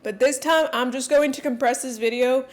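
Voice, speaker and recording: A woman speaking candidly and quickly in a casual personal vlog, with frequent fillers. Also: high-pitched, fairly even intonation. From Mexican heritage. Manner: fast-talking, candid, many fillers. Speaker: coach and content creator.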